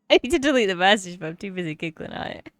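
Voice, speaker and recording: A woman's voice: medium pitch, no echo. A woman streaming a roleplay game as an HR rep, giggling helplessly and teary from laughing. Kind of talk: live-streamed roleplay chat.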